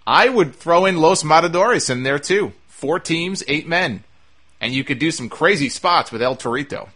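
A man's voice: fairly high pitch, lively intonation, normal speed, pushed and bright. A man hosting a podcast who answers listener mail in a conversational way. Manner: conversational, with frequent "uh" fillers and restarts. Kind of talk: casual podcast talk.

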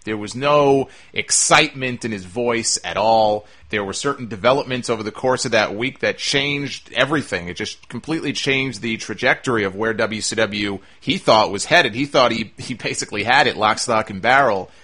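A man's voice: lowish voice, normal speed, few pauses, bright, forceful tone. A man hosting a podcast who answers listener mail in a conversational way. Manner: conversational, with frequent "uh" fillers and restarts. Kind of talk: casual podcast talk.

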